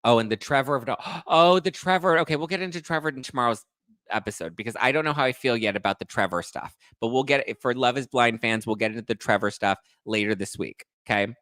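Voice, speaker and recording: A sassy, animated man hosts a podcast live stream and recaps reality TV in a casual, gossipy way. His voice sits fairly low, and the sound is dry and close, with no room echo. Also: quick pace. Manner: sassy, animated, keeps asking "okay?" and "right?". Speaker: podcast host.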